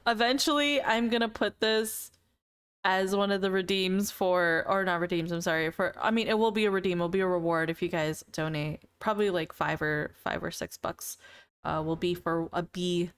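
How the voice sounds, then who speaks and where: A woman's voice: fairly low pitch, steady tone, normal speed, smooth. A woman streamer in casual live-stream chat with viewers, playful and teasing, laughing often between remarks.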